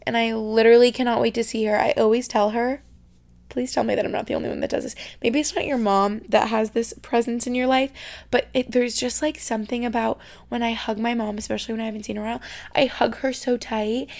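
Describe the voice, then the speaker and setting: A young woman from New York State chatting casually as a podcast host, full of "like" fillers and sometimes dropping into soft, whispery asides. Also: a little high, fairly even intonation, fast, creaky. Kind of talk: casual chat. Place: her bedroom.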